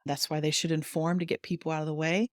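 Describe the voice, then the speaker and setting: A woman guest on a wellness podcast, explaining warmly and chattily, laughing often and acting out little quotes. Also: deep voice, flat delivery, fast, dry recording, clean studio sound. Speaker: human design guide, guest.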